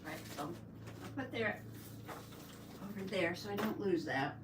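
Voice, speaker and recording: An older woman hosting a casual crafting livestream, chatting warmly and greeting viewers by name as she reads the chat. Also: mid-range voice, lively intonation, a little slow. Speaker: livestream host. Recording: roomy, distant mic, faint background noise.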